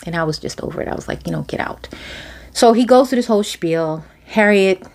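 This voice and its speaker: A woman hosts a podcast from home and recaps an episode in a casual rant. She sounds sarcastic and incredulous, and her voice sits at a middling pitch. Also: lively intonation, fast talker, a little mellow. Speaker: podcast host. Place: home near a train line.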